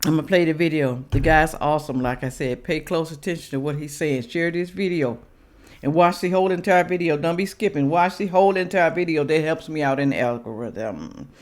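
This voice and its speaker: Sniffly with sinus trouble, the reaction vlog host preaches emphatically to her viewers in casual talk straight to camera. Her low-pitched voice is a little mellow, and she speaks a little fast.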